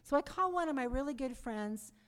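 Middle-aged woman with a voice set a touch high, telling an animated testimony to a live audience, echoing in a big hall. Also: a little fast. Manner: lively storyteller who calls for "Amen" and "Praise the Lord". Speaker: speaker giving her conversion testimony. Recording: long reverb of a hall.

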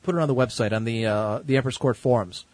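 A man's voice: mid-range voice, quick pace, darkish tone, no echo, rough recording. A man from the United States hosting an online call-in show, laid-back and joking with crude language. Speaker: show host.

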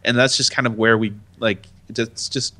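A man's voice: medium pitch, steady tone, normal speed, pushed and bright. Man, casual co-host, dry teasing comebacks. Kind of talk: casual chat.

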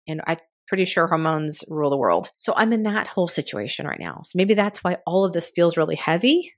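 Frank, frustrated woman in her fifties. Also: deep voice. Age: 50s. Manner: candid and frustrated, with casual swearing. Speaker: podcast host. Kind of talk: solo podcast monologue.

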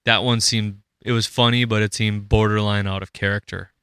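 A man's voice: lowish voice, flat delivery, moderate pace, a bit bright, clear, resonant tone, no echo, clean studio sound. A man from Minnesota hosting a podcast in casual, rambling chat. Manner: rambling, restarts, acts out quoted voices. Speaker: podcast host.

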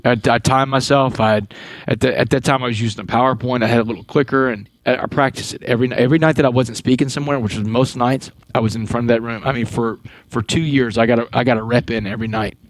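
A man, a guest in an interview, telling his story in an animated way and often repeating words as he goes. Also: medium pitch, quick pace, no echo, low-quality recording.

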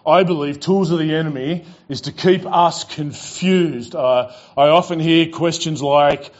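A man's voice: on the high side, a little slow, lo-fi sound. A man preaching a sermon as pastor, telling stories with casual fillers and repeated "he goes.".

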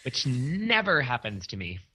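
A man co-hosting a casual podcast chat, quiet and low-key, telling stories with small laughs. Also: huge pitch swings, measured pace, background noise. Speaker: podcast co-host.

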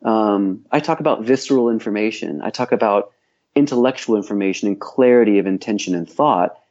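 A man's voice: fairly low pitch, fairly quick, darkish tone, lo-fi sound. A man working as a voice coach and acting teacher, speaking in a podcast interview in a reflective, opinionated way, thinking aloud with frequent restarts.

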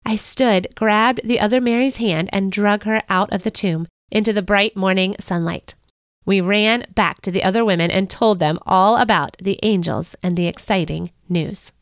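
A woman's voice: mid-range voice, normal speed, clean tone, dry recording, clean studio sound. Earnest woman narrating a Bible story. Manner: earnest and expressive. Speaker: podcast host and storyteller. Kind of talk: first-person scripted Bible story narration.

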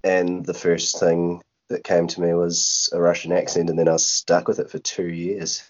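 A man with a very low voice chats as a guest player on a podcast. He is wry and pokes fun at himself. The recording sounds dull and lo-fi. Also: completely flat delivery, normal speed. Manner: wry, self-mocking. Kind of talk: casual podcast chat.

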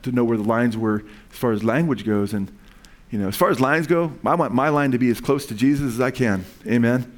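A middle-aged man preaching a sermon, talking to listeners in an earnest, conversational way and rising in pitch when he quotes scripture.

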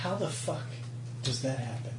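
A man's voice: medium pitch, lively intonation, moderate pace, distant mic. A man at a gaming table ranting bluntly, with lots of swearing, in casual chat. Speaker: player. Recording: echoey room, off-mic with background noise.

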